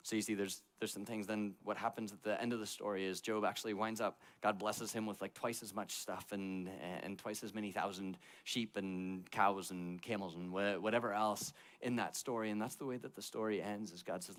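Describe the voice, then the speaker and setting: A young man preaching to a church youth group, telling his story in a casual, conversational way full of "like" fillers and moving between loud and hushed delivery. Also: fairly low pitch, moderate pace. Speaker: youth pastor.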